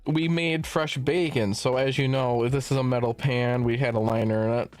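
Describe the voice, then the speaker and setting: A man's voice: mid-range voice, steady tone, normal speed, no room sound, soft background music. A young man streaming from home, telling a long work story as a casual rant, rambling and swearing as he backtracks. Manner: rambling, profane, self-interrupting.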